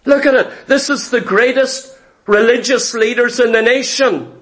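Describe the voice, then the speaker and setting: A preacher with a strikingly high-pitched voice delivers a sermon. He speaks emphatically, repeats key phrases and throws rhetorical questions at his listeners. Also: normal speed, a bit bright.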